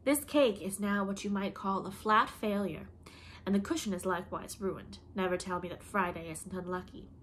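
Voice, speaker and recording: A woman's voice: medium pitch, moderate pace, a bit bright, slight background noise, lightly acted. A woman reading the part of a wry young woman speaking in a mock-tragic way.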